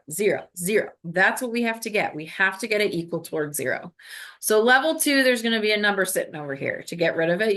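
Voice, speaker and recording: Upbeat woman teaching math, a little low. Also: fairly bright tone. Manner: upbeat, coaching, talks through each step. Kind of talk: recorded classroom lesson.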